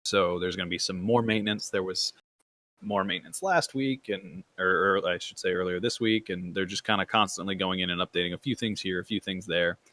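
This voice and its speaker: Low-voiced man hosting a gaming podcast. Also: steady tone, brisk, pushed and bright. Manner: rambling, many fillers and restarts. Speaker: podcast host. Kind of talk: casual gaming podcast chat.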